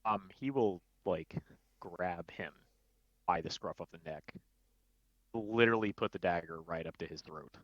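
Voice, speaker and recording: A deep-voiced man plays a tabletop game and talks hesitantly, with lots of fillers. The sound is dull and dry, as from a lo-fi mic. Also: measured pace, no echo. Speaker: player. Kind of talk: casual game chat.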